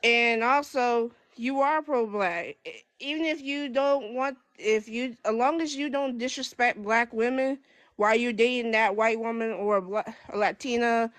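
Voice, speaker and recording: A young woman speaking as a guest in casual chat, with a stutter that breaks her speech into halting restarts. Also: on the high side, a bit bright, no room sound.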